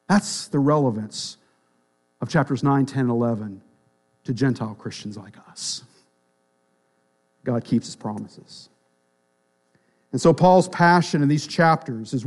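A pastor preaching a sermon in a church, emphatic, swinging between loud declarations and quiet, dropped phrases. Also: male voice. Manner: emphatic, rises and drops sharply in pitch and volume.

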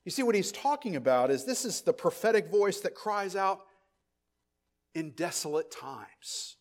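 A man with a notably high voice delivers a sermon. He speaks emphatically, repeating key phrases for weight, and drops his voice low for quiet asides. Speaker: pastor.

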